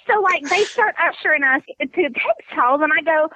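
A woman in her thirties co-hosting a podcast, telling a rambling story in casual chat, animated and laughing often. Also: sits high, moderate pace, no room sound, phone-quality sound. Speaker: podcast co-host.

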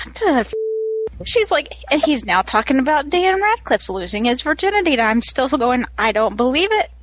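A woman co-hosting a casual podcast, excitedly telling a story and acting out quotes. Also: high voice, a little hiss or hum. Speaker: podcast co-host.

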